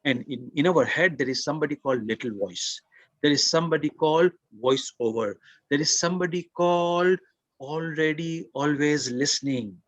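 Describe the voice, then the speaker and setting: A man's voice: a little high, normal speed, no room sound, highs cut off. A man hosting a motivational webinar, speaking earnestly, repeating words and asking the audience questions. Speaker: webinar host and coach.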